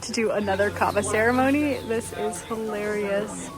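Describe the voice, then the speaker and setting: A woman chatting excitedly as she films a travel vlog on a handheld camera while touring outdoors. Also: medium pitch, moderate pace, over music. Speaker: travel vlogger. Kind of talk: casual travel vlog narration. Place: outdoors on a busy tropical island tour. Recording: clear crowd chatter behind.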